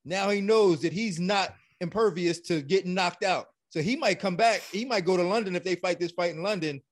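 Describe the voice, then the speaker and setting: A man's voice: high-pitched, brisk. A man in a casual chat, giving emphatic fight analysis.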